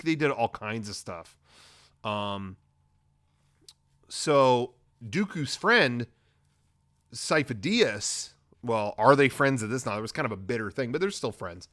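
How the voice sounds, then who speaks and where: Podcast host, male, mid-pitched, slangy and profane, loose rambling storytelling. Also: fairly bright tone. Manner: rambling, profane, slangy retelling with quoted voices. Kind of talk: casual comedic recap.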